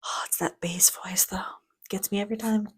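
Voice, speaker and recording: A woman's voice: mid-range voice, fairly even intonation, normal speed, husky. A woman hosting a reaction video, giving casual commentary in a chatty, enthusiastic way with frequent restarts.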